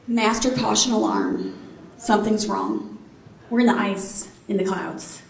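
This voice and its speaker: This time the middle-aged keynote speaker, formerly an Army helicopter pilot, sounds mid-range, unhurried and gravelly, with a little hiss or hum in the recording. She still tells her story with animation and quizzes the live audience filling a large, echoey hall where faint ambience lingers.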